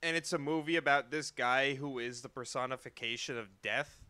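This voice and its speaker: A man co-hosting a podcast in casual chat, animated and laughing often. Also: mid-range voice, moderate pace, smooth, no room sound. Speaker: podcast co-host.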